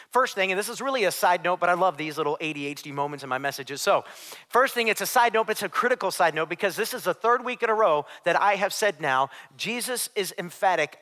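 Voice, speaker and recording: Bright high-voiced male pastor preaching. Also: lively intonation, fast, in a large hall. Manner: emphatic, conversational preaching with side notes. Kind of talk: sermon. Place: church sanctuary.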